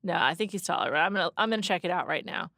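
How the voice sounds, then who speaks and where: A young adult woman co-hosting a casual podcast, giving lively opinions in a chatty way. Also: fairly low pitch, very fast, vocal fry, dry recording, studio quality. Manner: lively, opinionated, frequent "like" and restarts. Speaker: podcast co-host. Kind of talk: casual chat.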